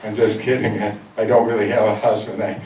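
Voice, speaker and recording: A man's voice: on the low side, level tone, fairly quick, a little mellow. An older man from the Chicago area doing a stand-up routine in a comedy club, delivering dry, self-mocking punchlines. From Chicago area, USA. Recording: echoey, distant, noisy club recording.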